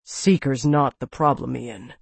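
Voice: medium pitch, measured pace, vocal fry, husky, no echo, pitched below the performer's own voice. A reader doing a strained, harsh grown man. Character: grown man, tense and commanding.

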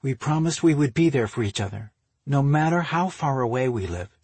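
A man voicing a stubborn, teasing grown sister in an audiobook, speaking brisk and lively. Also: a bass voice, breathy edge, no echo, voice pushed up, exaggerated voice. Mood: earnest.

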